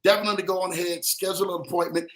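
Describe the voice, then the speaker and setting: A man's voice: sits high, fairly even intonation, rapid-fire, fairly bright tone. A man hosting a livestream show, hyped and repeating phrases as he calls out viewers by name. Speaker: host. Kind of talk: upbeat livestream talk. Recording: roomy echo.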